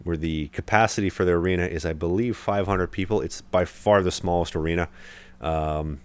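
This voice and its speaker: A man's voice: low voice, steady tone, brisk, darkish tone, clean tone. A young man hosting a podcast, telling a long story in casual chat with lots of fillers and restarts. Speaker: podcast host, hockey goalie.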